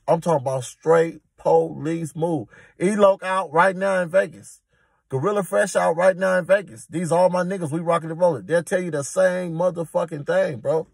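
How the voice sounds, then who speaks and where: A man's voice: a little high, moderate pace, vocal fry, husky, dry recording. A man telling a prison story in a casual, emphatic, streetwise way.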